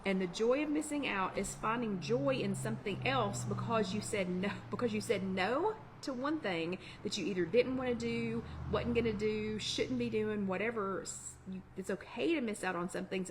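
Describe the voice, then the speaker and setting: Woman, fast and chatty, encouraging host, mid-pitched, faint background hiss. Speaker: workshop host. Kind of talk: casual live-stream chat.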